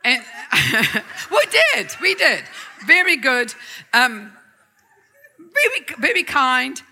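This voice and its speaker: A woman's voice: high-pitched, sing-song, slow, pushed and bright, husky. A middle-aged woman preacher telling a personal story in a chatty sermon, laughing often and making fun of herself. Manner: chatty and laughing, self-mocking asides.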